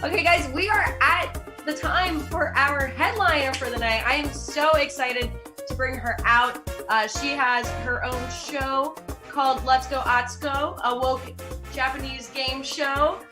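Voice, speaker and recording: Giggly high-voiced woman hosting a comedy show. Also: a little slow, over music. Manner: giggly, introduces acts. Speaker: show host.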